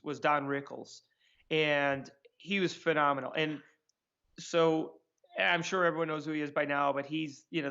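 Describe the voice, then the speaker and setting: A man telling sarcastic, animated anecdotes as a guest in a casual interview. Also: fairly high pitch, highs cut off. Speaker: magician guest.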